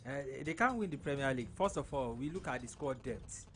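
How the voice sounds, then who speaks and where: A man gives opinionated football analysis on live radio, stumbling and restarting as he goes. His voice sits at a middle pitch, with a faint hum behind it. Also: animated, fairly quick. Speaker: studio football pundit.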